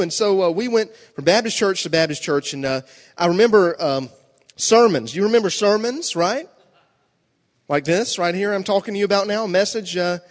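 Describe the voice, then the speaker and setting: A middle-aged man preaching a sermon with jokes, animated storytelling that acts out voices, speaking to a congregation in a large hall. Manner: animated storytelling, acting out voices with big pitch jumps. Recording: live hall reverb.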